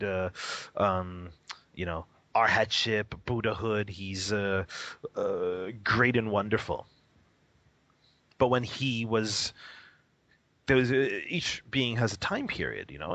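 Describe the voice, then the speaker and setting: Animated low-voiced man teaching. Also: no room sound. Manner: animated, laughing, acting out quoted reactions. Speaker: Buddhist teacher. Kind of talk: radio interview, casual explanation.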